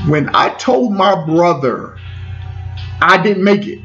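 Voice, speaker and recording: His voice is high-pitched, gravelly, fairly bright, and animated, and he talks at a slow pace. A man in his forties from the Washington DC area, he shares a personal story with repeated phrases and stumbling restarts, captured in dull lo-fi sound with faint music.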